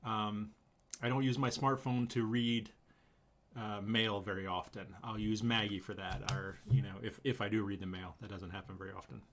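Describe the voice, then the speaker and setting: A man's voice: lowish voice, normal speed, slight background noise. Chatty male live-stream host. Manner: relaxed, chatty, laughs often. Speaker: channel host. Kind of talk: casual live-stream chat.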